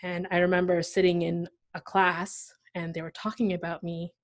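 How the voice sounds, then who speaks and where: A young woman from Pakistan, a guest on an interview podcast, telling her story in a lively conversational way and acting out the voices of people she quotes. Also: on the low side, normal speed. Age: young adult.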